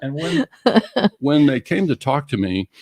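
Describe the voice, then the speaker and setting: A man's voice: mid-range voice, huge pitch swings, unhurried, vocal fry, a little mellow, dry recording, studio quality. A middle-aged man co-hosting a business podcast, explaining with examples and acting out customer conversations. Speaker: co-host, auto finance coach.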